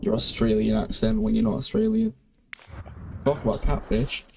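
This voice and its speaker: A man's voice: fairly low pitch, very animated, normal speed, gravelly, noisy background. A teenage boy chatting casually beside his father's game, cheeky and mocking, full of slang like mate and bro. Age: teens. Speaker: host's son, co-commentator. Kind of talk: casual chat.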